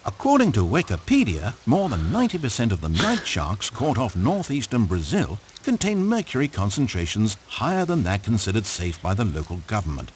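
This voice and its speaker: A man's voice: on the low side, wildly swooping pitch, a little fast, few pauses, a little mellow, slight background noise. A man playing a game's sardonic male narrator, who reproaches the player directly with dry, needling asides. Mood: peevish. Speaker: game narrator. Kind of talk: scripted game narration.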